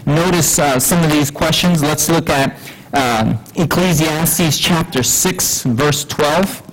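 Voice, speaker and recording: A man preaching a sermon in an unhurried way, with many fillers and rhetorical questions. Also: on the high side, rough recording.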